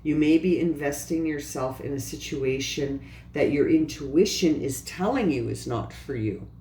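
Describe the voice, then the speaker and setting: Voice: medium pitch, normal speed, dark tone, roomy sound, slight background noise. Earnest tarot reader asking rhetorical questions. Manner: earnest, repetitive, addresses viewer directly with rhetorical questions. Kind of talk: pick-a-pile tarot reading.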